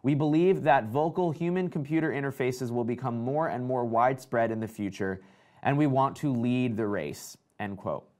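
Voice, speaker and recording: A man's voice: medium pitch, moderate pace. Chatty man hosting a tech stream. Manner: excited, chatty, reads out viewer comments. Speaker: tech show host. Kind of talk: casual live-stream tech chat.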